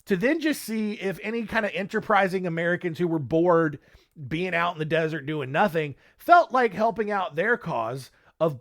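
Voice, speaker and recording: Male podcast host, high voice, jokey rambling chat, lots of fillers. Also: a bit bright. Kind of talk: casual history podcast chat.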